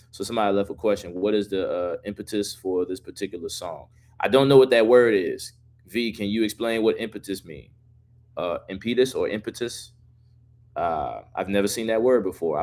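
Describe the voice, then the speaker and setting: Man, low-ish voice, casual profane streamer answering chat. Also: a little mellow. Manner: loose and profane, reads chat questions aloud. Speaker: musician hosting a live stream.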